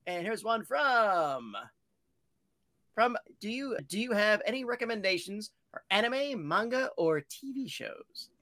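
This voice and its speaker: A woman's voice: mid-range voice, lively intonation, measured pace. A woman moderating a panel, reading out audience questions and encouraging the guests. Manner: warm, encouraging, reads out questions.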